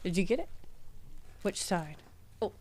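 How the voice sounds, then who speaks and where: A woman hosting a casual unboxing livestream, excited and laughing often. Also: on the low side, measured pace, slight background noise. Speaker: livestream host.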